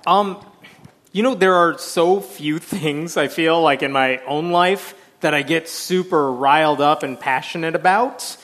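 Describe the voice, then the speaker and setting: A man's voice: fairly high pitch, measured pace, fairly bright tone. A man in a stage debate, talking eagerly and laughing often. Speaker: atheist debater.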